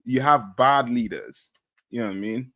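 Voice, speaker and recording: A man's voice: medium pitch, animated, moderate pace, pushed and bright, no room sound. A man on a talk show panel, speaking emphatically and repeating "you know what I mean" as he makes his points. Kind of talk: casual opinionated chat.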